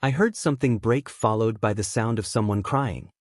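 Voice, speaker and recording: A man narrating a fan fiction story aloud in a plain, even storytelling manner. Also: on the low side, normal speed, no room sound, clean studio sound.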